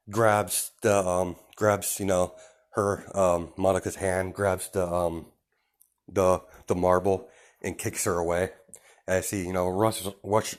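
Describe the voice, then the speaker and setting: A man casually improvising a fan story, rambling with many fillers and restarts. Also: low-pitched.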